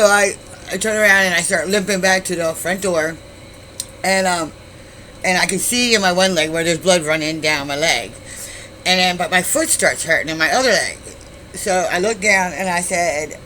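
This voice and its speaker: A woman's voice: lowish voice, normal speed, fairly bright tone, slight background noise, rough recording. A middle-aged woman casually telling a story to her YouTube viewers, rambling and blunt, swearing freely with many asides.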